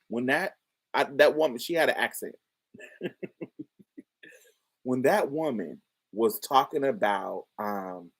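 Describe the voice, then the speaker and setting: A woman podcast host giving casual review commentary, talking in slang with exasperated asides. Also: very deep voice.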